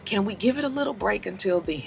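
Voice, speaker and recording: A man's voice: sits high, lively intonation, fast talker, creaky, heavy background noise. A man from Los Angeles, hosting a casual, profane gossip podcast, laughing often and acting out the people in his stories. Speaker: podcast host.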